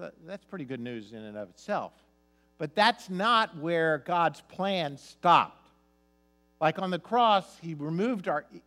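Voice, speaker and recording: A man preaching a sermon as pastor, telling stories, his voice swinging from loud emphasis to soft, quiet asides. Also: a little high.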